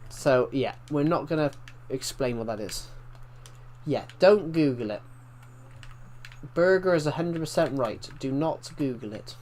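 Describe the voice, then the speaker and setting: A man's voice: fairly high pitch, expressive, a little slow, darkish tone, a little hiss or hum. A young British man chatting casually while live-streaming a game and reading out viewer comments, rambling with restarts and mild swearing. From Britain.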